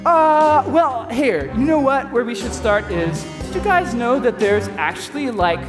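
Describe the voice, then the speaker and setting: A cocky, goofy know-it-all barista, played by a man on stage, rambles and chuckles at his own jokes with a wildly swinging pitch. The voice rings in a reverberant hall. Faint music hums under it. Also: lively intonation, a little slow. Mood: rambling. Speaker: comedy sketch actor. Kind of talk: live stage comedy sketch. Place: church hall before an audience.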